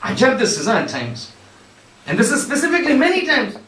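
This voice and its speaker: A Shia cleric gives a Muharram lecture, telling a story with acted-out dialogue, shifting his voice for characters and firing emphatic rhetorical questions. His voice is extremely high, wildly swooping and fairly bright, delivered briskly. He's heard from a distance in an echoey hall with slight background noise.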